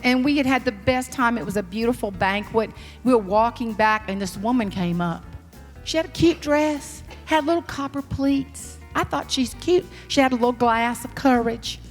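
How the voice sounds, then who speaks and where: A middle-aged woman with a Southern US accent telling a sassy, animated story as a professional speaker before an audience in a large hall. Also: a little high, moderate pace, faint music behind. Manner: sassy, animated storyteller who acts out quotes. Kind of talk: storytelling keynote speech. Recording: live stage talk in a reverberant hall.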